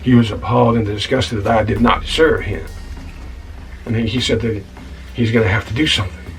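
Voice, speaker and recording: An actor playing a self-righteous scoundrel tavern keeper in a comedy web series, telling an indignant, stammering monologue and calling the listener son. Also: male voice, lowish voice, steady tone, a little fast, distant mic, natural voice, poor audio. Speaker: title character of a comedy-drama web series. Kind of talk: comic monologue. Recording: voice a bit off-mic, with music behind.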